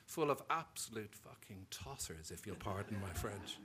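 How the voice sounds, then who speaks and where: A man's voice: lowish voice, expressive, normal speed, pushed and bright, a little hiss or hum. A man with an Irish accent voicing a hesitant, polite bank clerk in a story reading. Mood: diffident. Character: diffident, mild-mannered male bank clerk.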